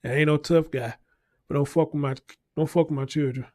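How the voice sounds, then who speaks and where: A man's voice: fairly high pitch, fairly even intonation, a little fast, darkish tone, dry recording, studio quality. A man hosting a casual news commentary show, talking bluntly and profanely and repeating his points for emphasis. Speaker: show host.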